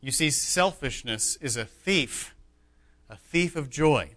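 A man preaching a sermon as pastor, emphatic, swinging between loud declarations and hushed asides. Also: medium pitch, lively intonation, takes it slowly.

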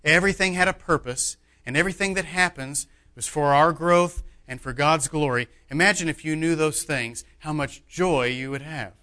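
A man preaching a sermon as pastor, emphatic, swinging between loud declarations and hushed asides. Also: a little high, normal speed, few pauses.

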